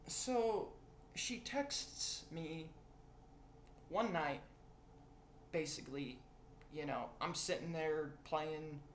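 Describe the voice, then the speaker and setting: A young man talks slowly through a confessional rant, rambling and swearing as the feeling spills over. His voice is bright and edged. The room around him echoes. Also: a little high, slight background noise. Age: young adult. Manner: rambling, profane, emotional. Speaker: vlogger.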